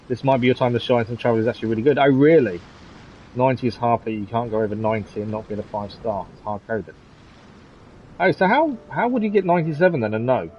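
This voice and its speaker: A man's voice: mid-range voice, a little mellow, lo-fi sound, slight background noise. Chatty man streaming a game. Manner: chatty, chuckles often, talks to the chat. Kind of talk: casual live stream commentary.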